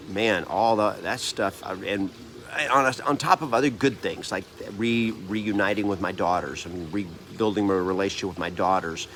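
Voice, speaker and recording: Slight background noise sits under this man's low, slightly bright voice. In his fifties, the real estate trainer and coach shares a personal story on camera in an earnest, meandering way, frequently starting over and self-correcting.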